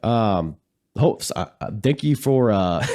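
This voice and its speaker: A man hosting a casual solo podcast, rambling easily with many fillers, his voice nasal and raspy as if congested. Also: lowish voice, animated, takes it slowly, darkish tone. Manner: rambling, easygoing, lots of fillers. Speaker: podcast host.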